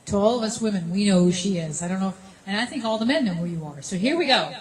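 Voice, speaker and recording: Woman, program host; brisk and friendly, mid pitch. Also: expressive, low-quality recording. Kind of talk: hosting a community program.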